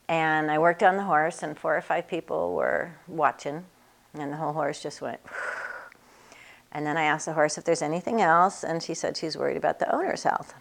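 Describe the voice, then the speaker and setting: A woman's voice: deep voice, fairly quick, gravelly. A woman who works on horses and teaches students, telling casual stories in a chatty way and laughing often. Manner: chatty, acts out other people's voices in quotes, laughs often. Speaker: equine bodywork practitioner and teacher. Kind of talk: casual anecdotal storytelling.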